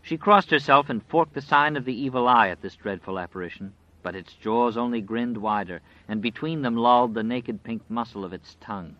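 A man narrating an audiobook in a dramatic, measured storytelling style. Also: mid-range voice, dry recording. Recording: dry, slightly dull audio.

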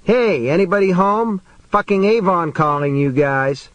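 A man's voice: high-pitched, measured pace, no room sound, pitched above the performer's own voice. A man voicing a blunt, profane young woman. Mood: shouting. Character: sharp-tongued young woman, scared but defiant.

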